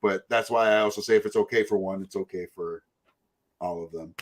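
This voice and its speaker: Here a podcast host with a low voice speaks a little fast. His casual chat meanders, is peppered with profanity, and features mocking voices.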